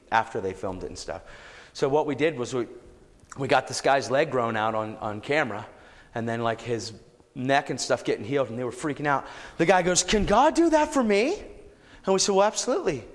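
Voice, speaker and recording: A man preaching and telling a testimony story, growing animated and shouting at times. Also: mid-range voice, in a large hall. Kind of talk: storytelling sermon.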